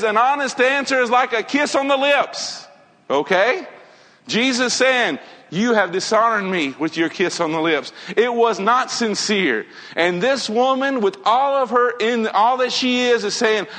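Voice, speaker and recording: A man's voice: high-pitched, pushed and bright. A man preaching a sermon in an earnest manner, repeating key phrases and quoting scripture. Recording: long hall reverb.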